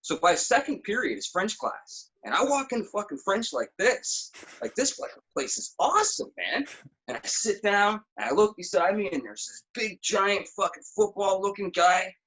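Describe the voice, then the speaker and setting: A man's voice: high voice, moderate pace, hardly any pauses, poor audio. A man as a podcast guest, telling profane stories in casual chat. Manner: animated, profane storytelling.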